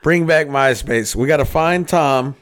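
A man's voice: on the high side, unhurried, fairly bright tone, smooth. A man in his thirties hosting a casual podcast, telling long rambling stories full of swearing. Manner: profane, rambling storyteller. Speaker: podcast host.

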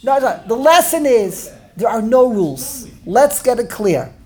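A woman's voice: on the high side, measured pace. A woman teaching a study class, telling a story with many restarts and repetitions and laughing along the way. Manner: animated, repeats herself, laughs while telling. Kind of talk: storytelling lesson to a group.

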